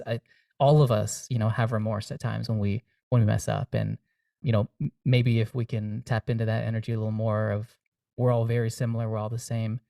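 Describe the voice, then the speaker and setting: A man's voice: lowish voice, vocal fry, warm tone, no echo, studio quality, far from the mic. A young man, a singer-songwriter guest, talking earnestly and reflectively in a casual interview, with many fillers and restarts.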